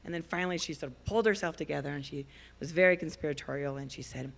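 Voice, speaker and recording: A woman filmmaker speaking on a festival panel, telling stories in an animated way and laughing as she talks. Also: sits low, quick pace, creaky. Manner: animated storyteller, laughs while talking. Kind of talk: panel discussion.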